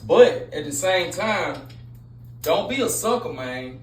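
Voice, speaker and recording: A man who hosts relationship advice talks slowly in a slightly high voice with big swings in pitch. His casual monologue is blunt, preachy and repetitive, peppered with street slang, and it's captured in an echoey room with faint noise.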